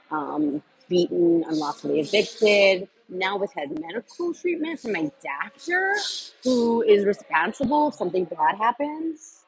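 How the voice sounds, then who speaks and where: A woman's voice: on the low side, a little hiss or hum, rough recording. A woman hosting a casual livestream, rambling from topic to topic with lots of fillers and answering viewer comments as she goes. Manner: scattered, trails off with many fillers. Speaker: livestream host.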